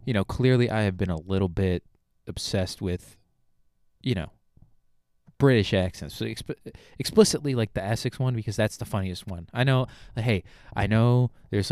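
A man's voice: lowish voice, darkish tone, clear, resonant tone, no room sound. A young man hosting a solo podcast in a studio, rambling in a hyped, profane, casual way. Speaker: podcast host.

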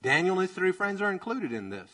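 A man preaching a sermon in a church, energetic and conversational, joking and acting out quotes as he goes. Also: high-pitched, fast talker, poor audio. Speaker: pastor.

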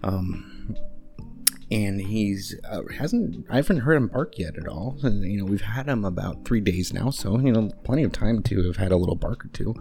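A man with a deep, gravelly voice talks casually in a loose, rambling way, full of fillers and restarts. His tone is dark and mellow, and faint music sits under a home recording made on a handheld microphone. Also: lively intonation, normal speed. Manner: talks in a high cooing baby voice to his dog. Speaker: podcast host. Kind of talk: casual monologue.

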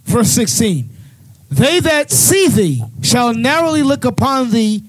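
A man reading bible verses aloud for a study group in a plain, measured way. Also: very high voice, sing-song, no room sound, low-quality recording. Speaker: scripture reader.

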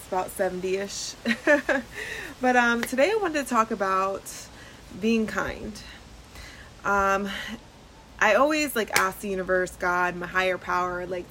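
Woman, nurse and podcast host, casual chatty storytelling, mid-pitched voice, outdoors on a porch. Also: fairly bright tone, slight background noise, low-quality recording. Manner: chatty, with frequent "like" and "um" and laughter.

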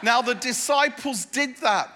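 Bright-voiced preacher in a hall. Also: male voice, extremely high pitch, unhurried. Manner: humorous, self-deprecating storytelling with repeated phrases. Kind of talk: sermon. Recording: echoey hall.

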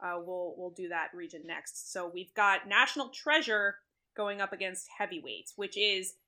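A woman with a bright, clear-ringing voice hosts a loose podcast conversation. She argues her points with animated conviction and laughs easily. Her delivery stays conversational and unscripted. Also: mid-range voice, normal speed. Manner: animated, opinionated, laughs often. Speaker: podcast host running a movie bracket. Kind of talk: casual chat.

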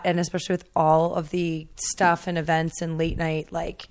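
A woman co-hosts a casual podcast in a relaxed tone. Her voice sits a little low, and she often lets her sentences trail off softly. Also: normal speed. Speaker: podcast co-host. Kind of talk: casual chat.

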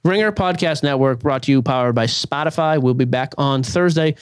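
A man's voice: medium pitch, a little fast, clear, resonant tone, no echo. A man co-hosting a podcast in casual chat, dry and teasing, speaking blunt opinions. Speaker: podcast co-host.

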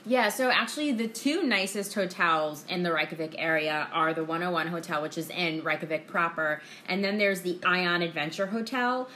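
Woman co-host for a travel chat show, candid and talkative, lowish but bright voice, faint noise behind. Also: moderate pace, hardly any pauses. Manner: candid, self-deprecating and talkative. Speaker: podcast co-host. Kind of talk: casual travel podcast chat.

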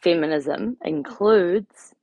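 A woman's voice: fairly low pitch, slow pace, vocal fry, warm tone, dry recording, lo-fi sound. A young adult woman talking straight to camera in a blunt, sweary, exasperated rant. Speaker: vlogger. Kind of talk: ranting casual monologue.

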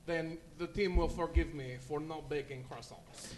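Guy doing a stiff awkward baker dude, drops his words, kinda high voice. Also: fairly even intonation, normal speed, darkish tone, slight background noise, close to an everyday voice. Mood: earnest. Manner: drops articles, formal stilted phrasing. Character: clumsy male team baker, stilted speech.

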